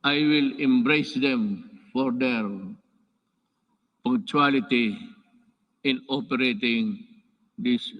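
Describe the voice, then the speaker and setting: A man's voice: mid-range voice, muffled recording. A man with a Filipino accent giving a formal address from a podium in a large indoor hall. He breaks into off-script asides and keeps restarting and correcting himself. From Philippines. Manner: halting, with restarts and self-corrections. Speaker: head of state giving an address. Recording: long reverb of a large hall.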